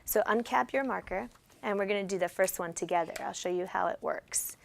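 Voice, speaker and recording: Woman, teacher, classroom instruction, patient step-by-step questions, gravelly edge. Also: mid-range voice, brisk. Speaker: special education teacher.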